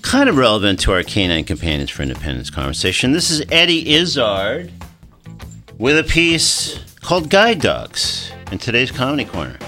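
A man's voice: medium pitch, wildly swooping pitch, normal speed, bright, forceful tone, soft background music. A man hosting a radio talk show, friendly and meandering, with frequent fillers as he introduces guests and segments.

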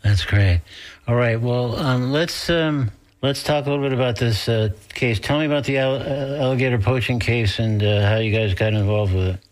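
A man's voice: medium pitch, moderate pace. A male radio talk show host who speaks in an easygoing way, with many fillers. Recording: music playing behind.

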